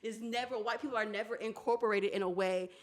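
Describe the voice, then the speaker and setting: A woman's voice: mid-range voice, steady tone, fast talker. A woman co-hosting a podcast in casual chat, outspoken and heated, laughing often. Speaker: podcast co-host.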